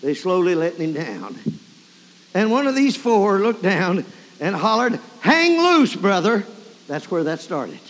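A man's voice: sits high, big pitch swings, unhurried. A man preaching a sermon, telling a story and breaking into emotional praise. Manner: emotional, exclaiming praise often. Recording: long hall reverb.

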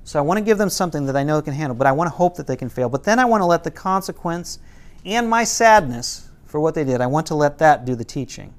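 A middle-aged man teaching a parenting class tells a casual story at a quick pace, sounding animated. Quotes from parents and kids come out in lowered voices, and he restarts a few times.

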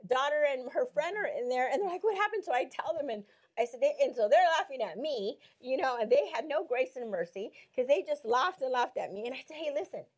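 A woman's voice: sits high, fairly quick. A woman on a Christian talk show telling a story with lots of acted-out quotes and frequent laughter. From Mexico. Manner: animated storyteller, acts out quotes, laughs often.

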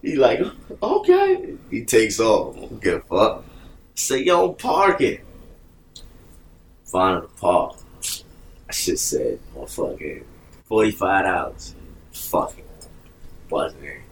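A man's voice: sits low, expressive, measured pace, long pauses. A man telling a story in casual chat as a podcast guest. He swears a lot, laughs often and acts out voices. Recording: distant mic with faint background noise.

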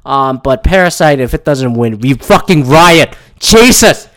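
A man's voice: mid-range voice, expressive, a little slow, fairly bright tone. A man from Canada hosting his own podcast, rambling through movie opinions in a casual, profane, wry way. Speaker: podcast host.

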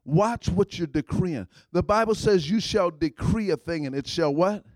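A man preaching a sermon in call-and-response style, repeating phrases and swinging between loud outbursts and hushed lines. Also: high voice, normal speed, no echo. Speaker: guest preacher.

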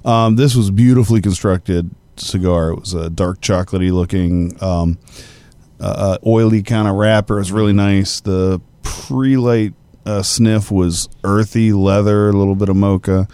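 Low-voiced man describing tasting notes. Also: steady tone, normal speed, warm tone, clear, resonant tone, no echo. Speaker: podcast co-host. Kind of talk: casual chat.

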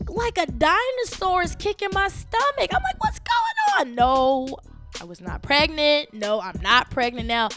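A woman in her thirties hosting her own podcast from home, chatting casually and animatedly, laughing and jumping up high when she quotes her own thoughts. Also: fairly bright tone. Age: 30s. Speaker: podcast host. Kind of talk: casual solo podcast chat.

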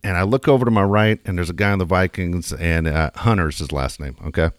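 A man's voice: deep voice, fairly quick, dry recording, clean studio sound. A middle-aged man, a sports radio host, telling a story in casual podcast chat with lots of swearing. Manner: profane, animated storyteller, acts out quotes.

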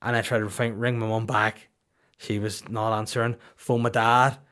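A man's voice: fairly low pitch, flat delivery, moderate pace, fairly bright tone. A man, telling rambling, profane comic stories as a podcast host in a mock-serious tone. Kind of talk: comedic storytelling.

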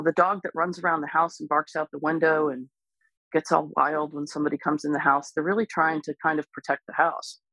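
A woman dog trainer speaking as an interview guest, explaining patiently and calmly, with lively bursts when she imitates other people. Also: lowish voice, slightly rough, no echo, rough recording. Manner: calm, explains patiently, animated when imitating excited owners. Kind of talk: casual explanatory interview talk.

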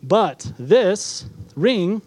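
Middle-aged guy pastor preaching, kinda high voice, dry close sound, keeps asking questions. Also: sing-song, very slow, darkish tone, dry recording. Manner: earnest, uses props and rhetorical questions. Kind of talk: teaching sermon.

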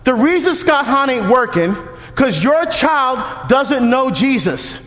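A male deacon preaching at a parish mission in an animated, punchy way, shouting now and then for emphasis, recorded in an echoey church hall. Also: very high voice, slow pace. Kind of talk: sermon.

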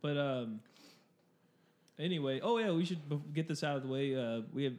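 A man's voice: fairly high pitch, lively intonation, normal speed, darkish tone. A young man co-hosting a casual podcast, rambling with fillers and laughing often, recorded in a small room with a slight echo. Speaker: podcast co-host. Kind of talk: casual chat.

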